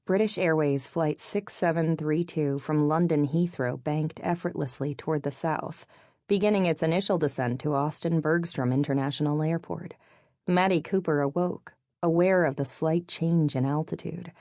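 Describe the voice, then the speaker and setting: A woman with a low voice reads a novel aloud in an even, measured storytelling manner. The sound is close and dry, with no room around it. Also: no room sound. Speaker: audiobook narrator. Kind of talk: scripted narration.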